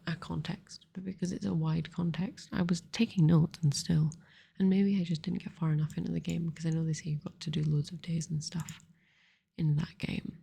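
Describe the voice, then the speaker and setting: A woman murmurs soft-spoken ASMR commentary close to the microphone, half whispering as she talks herself through each move. Her voice is low, warm and mellow, with a gravelly fry and a very airy, husky texture. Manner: softly whispered, rambling self-talk. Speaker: ASMR gaming channel host.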